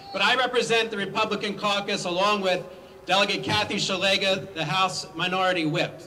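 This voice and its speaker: A man giving a rousing rally speech as a politician, leading the crowd in shouted chants. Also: high-pitched. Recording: distant mic, crowd and ambient noise.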